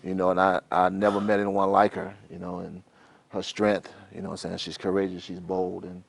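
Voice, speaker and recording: A man speaking as a guest, halting and earnest, with many filler phrases. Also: deep voice, level tone, gravelly. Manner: warm, halting, with many "you know"s. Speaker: guest proposing on the show.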